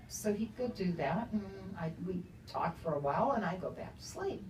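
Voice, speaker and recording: A woman's voice: fairly low pitch, big pitch swings, moderate pace, a little mellow, roomy sound, slight background noise. Older female author, casual storyteller, laughs a lot; distant mic, faint room ambience. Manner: chatty, laughs often. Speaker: author at a book talk. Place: bookstore event room.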